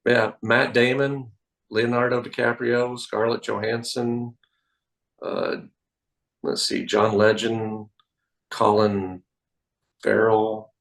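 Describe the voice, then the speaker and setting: A man, a magician guest telling animated anecdotes on a podcast. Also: on the low side, slow, vocal fry, pauses often, poor audio. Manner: animated anecdotes, acts out quoted voices. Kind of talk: casual interview storytelling. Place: podcast studio.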